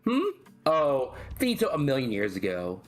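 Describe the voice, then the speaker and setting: A man's voice: mid-range voice, wildly swooping pitch, moderate pace, soft background music. A man voicing a cocky, showy young man with a breezy valley-girl-like lilt, as fan voice acting of a game script. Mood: smug.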